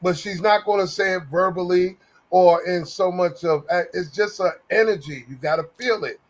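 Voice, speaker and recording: A man with a notably high voice chats as a guest on a talk show. He speaks slowly and deliberately and leans hard on his points. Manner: emphatic, slow and deliberate. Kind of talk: casual chat.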